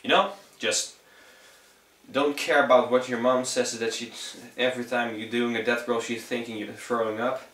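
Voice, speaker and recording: A young man with a Dutch accent talks through a casual how-to in loose, swearing, easygoing English. His voice is bright and forward, though he sits back from the mic in an echoey room. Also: medium pitch, little pitch movement, normal speed, distant mic. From Netherlands. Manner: rambling, profane, laid-back. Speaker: vocal tutorial vlogger.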